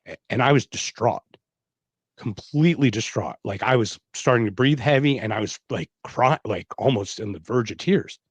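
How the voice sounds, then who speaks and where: A middle-aged man hosts a podcast and spins a long personal story with emphatic, animated delivery, voicing the people he quotes. His voice sits at an ordinary pitch and is recorded close and dry on a podcast mic, with no room sound at all. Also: normal speed, husky, dry recording. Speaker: podcast host. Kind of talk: casual conversational storytelling.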